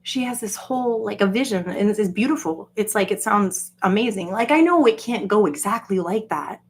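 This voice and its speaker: A woman's voice: brisk, slight background noise. A woman in a casual solo monologue, ranting profanely with lots of fillers and acting out quoted voices. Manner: profane, animated, jokey rants with frequent fillers; acts out quoted voices with jumps in pitch. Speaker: solo vlogger.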